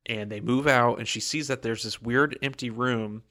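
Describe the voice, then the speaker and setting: A man's voice: medium pitch, fairly even intonation, moderate pace, sharp tone. A man co-hosting a book podcast, retelling the chapter in casual chat and briefly acting out the characters' lines. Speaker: podcast co-host.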